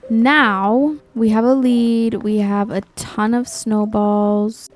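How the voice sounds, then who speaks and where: A woman giving casual gameplay commentary, chatty and excitable, talking to the creatures in her game. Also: fairly high pitch, slow pace, soft background music. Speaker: Minecraft YouTuber.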